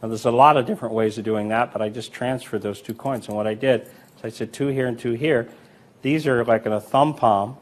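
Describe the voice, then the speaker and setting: A man's voice: mid-range voice, a little fast. A man casually teaching a coin sleight-of-hand routine, counting coins aloud as he demonstrates and telling stories of older magicians. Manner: relaxed, conversational, tells anecdotes with acted quotes.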